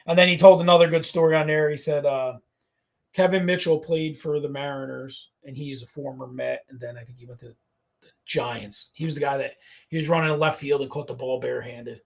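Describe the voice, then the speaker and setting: A man's voice: mid-range voice, brisk, creaky. A man hosting a podcast, telling stories in casual chat, acting out quotes and swearing freely. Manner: animated storyteller, acts out quotes, swears freely. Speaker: podcast host.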